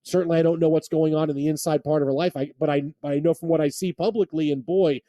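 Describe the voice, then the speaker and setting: A man's voice: on the high side, steady tone, fast talker, dark tone, no room sound, clean studio sound. A man hosting sports talk radio, rambling and often restarting his sentences. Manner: rambling, repeats words when restarting thoughts.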